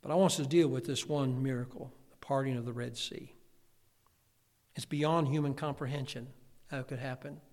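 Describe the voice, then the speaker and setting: A middle-aged man preaching a folksy sermon as pastor, going from quiet asides to loud, fervent shouting. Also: medium pitch, fairly even intonation, normal speed. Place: church hall. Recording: long hall reverb.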